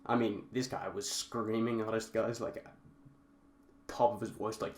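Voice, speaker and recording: A man's voice: on the low side, little pitch movement, moderate pace. A young man casually telling a story to his viewers, rambling and often calling them guys. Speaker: vlogger. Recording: roomy echo, faint background noise.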